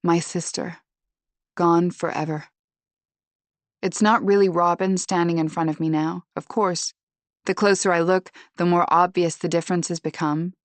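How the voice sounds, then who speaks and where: Woman reading a thriller audiobook, low voice, measured and tense, dry close sound. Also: steady tone, dry recording. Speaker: audiobook narrator. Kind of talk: first-person thriller audiobook narration.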